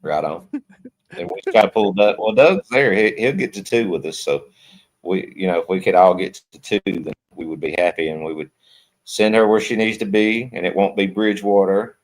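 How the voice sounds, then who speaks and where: A man's voice: sits low, normal speed, poor audio. A man hosting a casual live panel chat, talking in a folksy, emphatic way and repeating himself for effect. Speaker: livestream host.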